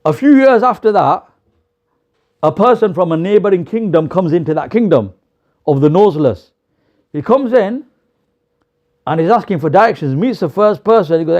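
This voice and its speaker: Lively high-voiced preacher. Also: male voice, moderate pace, pauses often. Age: young adult. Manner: lively, animated storytelling with acted quotes. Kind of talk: storytelling sermon. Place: mosque. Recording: slightly dull lo-fi recording.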